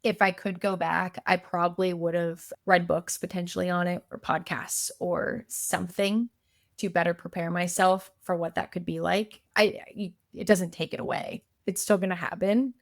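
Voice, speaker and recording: A woman's voice: lowish voice, little pitch movement, moderate pace, dry recording, clean studio sound. A woman, a podcast guest, telling her story in a chatty, casual way, full of fillers and acted-out quotes.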